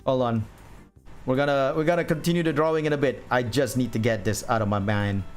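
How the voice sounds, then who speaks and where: A man's voice: mid-range voice, steady tone, a little fast, faint music behind. A man streaming as he draws, chatting casually, rambling and thinking aloud and laughing at himself. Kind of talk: casual chat while drawing on stream.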